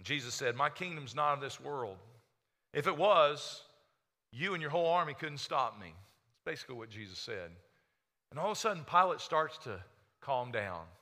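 A man's voice: medium pitch, expressive, moderate pace, sharp tone. A man preaching a sermon as pastor, acting out the people he quotes. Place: church sanctuary. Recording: reverberant church hall.

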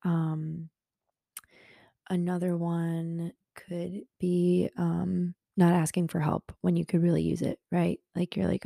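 Young woman podcast host, gravelly low voice, earnest self-help chat with lots of fillers, dry close sound. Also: level tone, slow pace, mellow, no room sound. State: a little hungover. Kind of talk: casual self-help talk. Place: in her bed at home.

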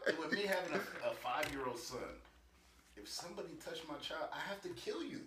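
A man in casual chat, animated and profane, laughing often. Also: fairly high pitch, fairly quick, a crowd in the background. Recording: echoey room, mic a bit distant, faint noise.

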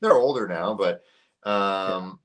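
A man from Canada in his thirties, a guest on a podcast, telling stories in a lively, animated way and acting out the people he quotes. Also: low-pitched, slow pace. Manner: animated storyteller, acts out quoted voices. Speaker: podcast guest, sports YouTuber. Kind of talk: casual chat.

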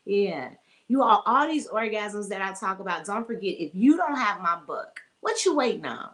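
A woman's voice: mid-range voice, lively intonation, moderate pace, fairly bright tone. A woman in her forties hosting a casual live-streamed podcast, chatting freely, greeting viewers by name and laughing often. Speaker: podcast host.

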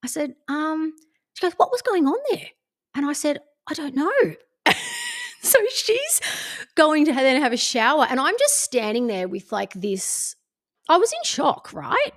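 A woman hosting a podcast candidly shares a personal story in casual conversation, swearing freely and acting out her friends' lines. Her voice sits high and is very animated, unhurried and fairly bright.

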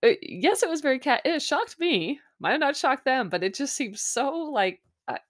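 A woman's voice: high-pitched, big pitch swings, moderate pace. A young woman recapping a reality dating show in a chatty, sarcastic way, often mimicking people. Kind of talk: casual recap chat.

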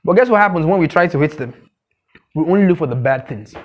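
A man preaching a sermon, emphatic and repetitive, asking his listeners questions and now and then mocking gossip in a squeaky voice. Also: expressive, fast talker, a little hiss or hum. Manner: emphatic, repeats key phrases, asks the congregation questions. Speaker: pastor.

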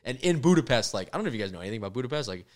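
A young man casually telling rowdy travel stories on a podcast, swearing a lot and loudly acting out the people in them. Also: medium pitch, sing-song, racing. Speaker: podcast guest. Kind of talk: casual storytelling.

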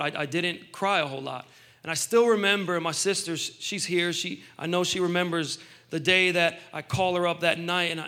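Man, thirties, preacher, sermon, high voice, conversational, emphatic. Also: sharp tone. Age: 30s. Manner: conversational, emphatic, with restarts and asides. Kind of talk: sermon with personal testimony.

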